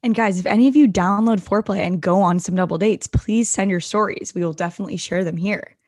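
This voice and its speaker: A young woman co-hosts a podcast in a mellow, dark-toned voice. She still has a croaky morning rasp, and she is playful and quick to poke fun at herself. The sound is close and dry. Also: mid-range voice, no echo. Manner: self-deprecating, playful. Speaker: podcast co-host, teacher. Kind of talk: casual chat.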